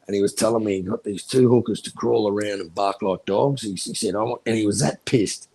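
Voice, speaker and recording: A man's voice: lowish voice, fairly quick, darkish tone, breathy edge, low-quality recording. A man telling crude, profane stories in casual chat, laughing into his punchlines. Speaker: stream chat guest.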